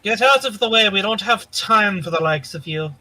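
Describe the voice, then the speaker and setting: Brief: a man as a curt, threatening adventurer woman, high, very bright voice. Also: expressive, normal speed, no room sound, exaggerated voice, rough recording. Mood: scornful. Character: stern young woman adventurer.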